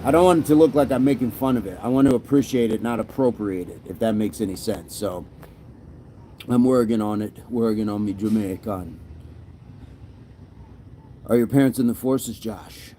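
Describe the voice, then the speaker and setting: A man hosts a relaxed workout stream, answering his viewers' comments one after another. His voice is mellow and warm, sitting at a mid pitch, and he speaks in easy, encouraging chat. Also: fairly quick, slight background noise. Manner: reads viewer comments aloud and answers them warmly; encouraging and upbeat. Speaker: fitness livestream host. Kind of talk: casual live chat while working out.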